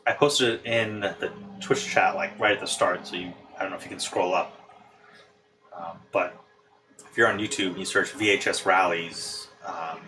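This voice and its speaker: A man's voice: sits low, moderate pace, rough recording. A man from the United States casually chatting with his live-stream viewers while building a model in his apartment, wandering off mid-thought. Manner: relaxed, rambling, talks to chat while working. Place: hot apartment.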